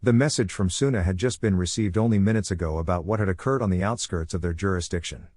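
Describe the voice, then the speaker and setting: Male narrator, fan fiction reading, steady, lowish voice, dry close sound. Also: fast, dry recording.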